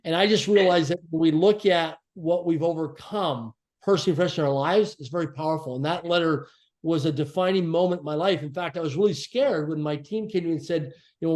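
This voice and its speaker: Man, podcast guest, earnest reflective storytelling, fairly high voice, slows down for emphasis. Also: darkish tone. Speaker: podcast guest, author and speaker.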